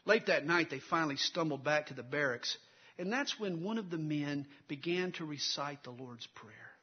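High-voiced preaching man, muffled sound. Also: animated, normal speed, husky. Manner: dramatic storytelling, swells loud then drops low. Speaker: pastor. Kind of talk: sermon.

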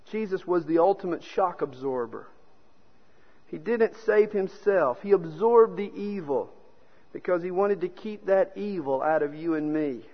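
A man's voice: high voice, animated, a little slow. A man preaching a sermon, telling stories and acting out the quoted speakers. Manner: storytelling preacher who acts out quotes. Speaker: pastor. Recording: dull sound with long hall reverb.

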